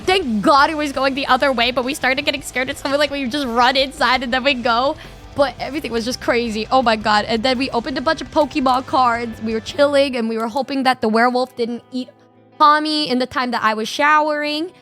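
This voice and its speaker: A young woman streamer casually telling a story, excitable and laughing often, with lots of slang. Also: high-pitched, brisk, soft background music. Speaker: VTuber streamer.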